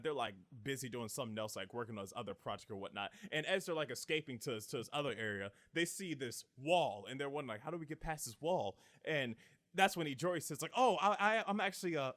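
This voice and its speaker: A man hosting a podcast, casually retelling an anime plot with many fillers and acting out characters' lines in quick bursts. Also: fairly high pitch, fairly bright tone. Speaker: podcast host.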